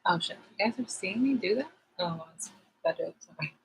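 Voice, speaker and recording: A woman's voice: mid-range voice, lively intonation, normal speed, a little hiss or hum, low-quality recording. A woman vlogger chatting casually to her viewers, rambling and frank, swearing freely.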